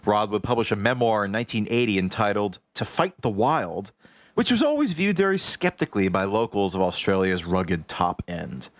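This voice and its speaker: A man's voice: fairly low pitch, animated, moderate pace, no echo. A man co-hosting a podcast, reading his notes aloud as wry, casual storytelling. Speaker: podcast co-host.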